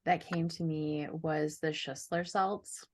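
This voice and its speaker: A woman hosting a casual chat who talks in a slow, measured, meditative way while running a guided scan. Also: sits low, fairly even intonation. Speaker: host and energy coach.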